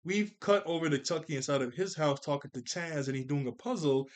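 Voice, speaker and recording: Male reviewer, somewhat high voice, casual slangy recap with frequent laughs. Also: brisk. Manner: slangy and animated, laughs often, says "like" a lot. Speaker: cartoon episode reviewer. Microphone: camera mic.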